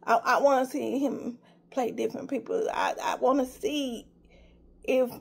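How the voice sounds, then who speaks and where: A woman with a high voice chats to camera as a vlogger. She gushes with emotion and rambles through many fillers, talking straight to her viewers. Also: steady tone, a little slow, gravelly, a little mellow, slightly rough. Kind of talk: casual chat to camera.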